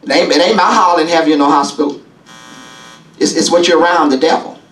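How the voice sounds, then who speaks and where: A man's voice: a little high, fast, fairly bright tone. A man preaching at a Bible study as bishop, calling out questions to the congregation and repeating himself. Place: church sanctuary. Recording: echoey church from a distance with congregation. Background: congregation murmuring.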